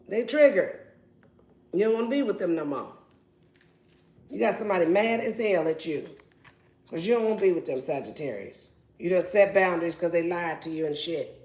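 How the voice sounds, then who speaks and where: A woman's voice: lowish voice, expressive, moderate pace, pauses often, a little mellow. A woman giving a casual tarot reading in a brash, playful and profane way. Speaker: tarot reader. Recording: roomy echo.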